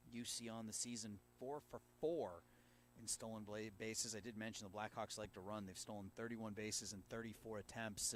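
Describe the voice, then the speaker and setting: A man doing live play-by-play of a high school baseball game from an outdoor field, steady and rising sharply on big plays. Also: a little hiss or hum. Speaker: play-by-play announcer.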